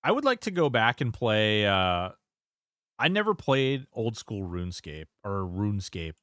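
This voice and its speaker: A man's voice: lowish voice, sing-song, unhurried, a bit bright, dry recording, clean studio sound. A man streaming a game, chatting casually, reading chat aloud and swearing now and then. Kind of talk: casual gameplay commentary.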